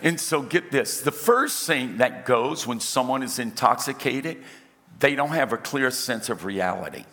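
A middle-aged male pastor preaching to his congregation with a bright, forceful voice. He acts out the dialogue in his stories and jokes with the crowd. His voice rings out through the long reverb of a large church hall. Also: medium pitch, animated, a little slow. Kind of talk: sermon. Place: church auditorium.

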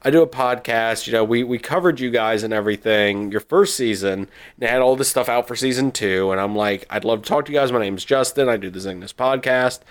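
Podcast guy rambling thru a story, laughs a lot, mid pitch. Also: brisk, few pauses. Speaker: podcast host. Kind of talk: casual chat.

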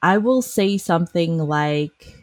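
Woman podcast host, low-ish voice, animated talker, dry close sound. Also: slow, no room sound. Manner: animated, acts out quoted lines in other voices. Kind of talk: casual podcast conversation.

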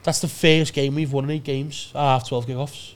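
Laid-back lad. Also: male voice, medium pitch, steady tone, normal speed. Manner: laid-back, swears, lots of "lad" and "lovely". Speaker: comedian co-host. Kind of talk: casual podcast banter.

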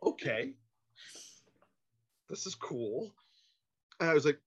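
A man, a podcast guest, telling a casual anecdote in an animated, self-interrupting way, on a dull lo-fi recording. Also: fairly high pitch, slow pace, breathy edge.

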